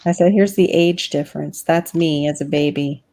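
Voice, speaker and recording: A woman's voice: sits low, steady tone, moderate pace, dark tone, dry recording. A woman chatting casually on a family live stream, candid and wry, laughing often, picked up by a webcam mic at home. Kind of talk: casual chat.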